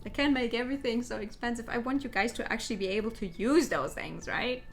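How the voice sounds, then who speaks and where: A woman's voice: fairly high pitch, fast, soft background music. A woman streamer chatting casually and bubbly as she plays a game and jokes with chat. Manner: bubbly, reacting and joking to chat.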